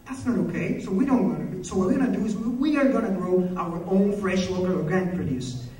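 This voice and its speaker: A man's voice: high-pitched, expressive, fast talker, darkish tone. A man giving a passionate, storytelling speech at a conference. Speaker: conference speaker. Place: conference hall. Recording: echoey hall, mic from far off.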